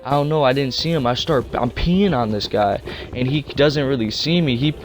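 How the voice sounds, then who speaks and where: A man's voice: mid-range voice, normal speed, soft background music. A young man casually telling a rambling, slangy story. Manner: rambling, slangy, laid-back.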